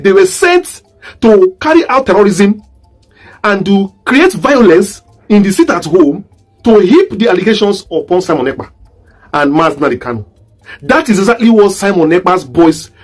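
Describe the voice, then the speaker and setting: This man's voice sits high and sounds husky. He's a political commentator from southeast Nigeria with a Nigerian accent, and his online monologue is full of repeated rhetorical questions.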